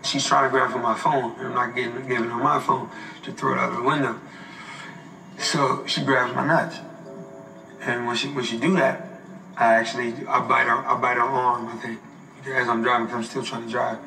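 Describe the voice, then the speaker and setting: A man's voice: medium pitch, flat delivery, normal speed, bright, forceful tone, roomy sound, far from the mic, a little hiss or hum, rough recording. A man giving a documentary interview, telling a story in casual slangy speech.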